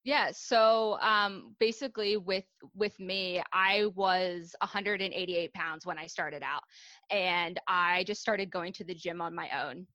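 A young adult woman speaks as a guest on a casual podcast, candid and chatty, her talk full of ums and likes. Her voice is bright and a little forceful. The sound is dry and close. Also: on the low side, steady tone, a little slow, no room sound. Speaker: guest, fitness coach.

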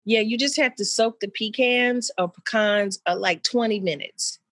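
A mother talking with an old friend in loose, rambling chat, with lots of fillers and lively pitch jumps when she quotes people. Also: normal speed, dry recording, clean studio sound. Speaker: mother of an eleven-year-old.

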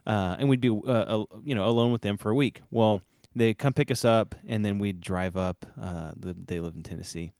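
A man with a fairly low voice, co-hosting a podcast in easy, casual chat. He rambles through his stories with plenty of fillers and restarts. The sound is close and dry. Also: moderate pace, few pauses, a little mellow, no echo. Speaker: podcast co-host.

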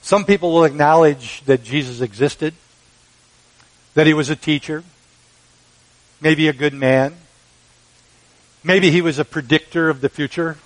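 A man preaching a sermon, measured and emphatic, with dramatic pauses. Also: a little high, rough recording. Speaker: pastor.

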